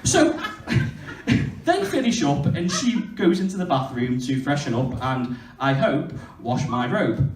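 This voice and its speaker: A man in his twenties performs a crude, self-mocking stand-up set. His voice sits high and swoops all over the place. He sounds distant, recorded from out in an echoey club room with a faint hum behind him. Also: sing-song, slow. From Stoke-on-Trent, England. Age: 20s. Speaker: stand-up comedian. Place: comedy venue stage. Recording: echoey venue heard from far off.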